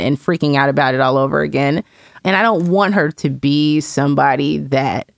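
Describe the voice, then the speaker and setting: A woman's voice: deep voice, vocal fry, dry recording, studio quality. A woman in casual conversation, candidly and reflectively telling a personal story as a mother, with lots of "you know".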